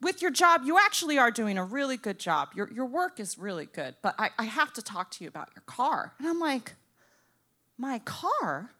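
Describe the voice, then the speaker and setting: A young woman from Florida tells a comic story. Her voice is high and bright and jumps around a lot. She acts out the people in it and swings from loud to hushed. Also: sing-song, a little fast, few pauses.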